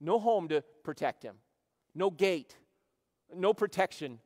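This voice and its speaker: A middle-aged man with a Midwestern American accent preaching a sermon as pastor, rising to loud peaks and dropping low, asking for amens. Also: expressive, a little slow. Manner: preaching with call-and-response, swelling loud then dropping low. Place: large church sanctuary. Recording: long hall reverb in a church.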